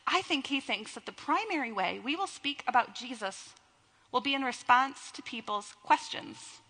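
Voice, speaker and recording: A woman's voice: sits high, animated, moderate pace, bright, forceful tone. A young woman giving a sermon as a pastor, with playful, teasing asides to her congregation. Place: church sanctuary. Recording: long reverb of a church hall.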